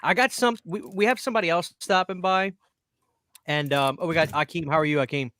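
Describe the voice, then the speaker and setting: A man's voice: fairly high pitch, fairly even intonation, sharp tone, no room sound, studio quality. Upbeat man hosting a livestream. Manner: upbeat, reads chat names quickly. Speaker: livestream host. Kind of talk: casual livestream chat.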